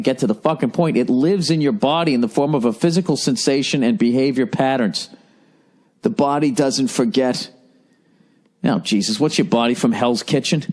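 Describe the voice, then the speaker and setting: Man, middle-aged, boston accent, podcast host, sarcastic, profane, rambling, mid-pitched. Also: normal speed, a little mellow. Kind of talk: solo comedic podcast rant.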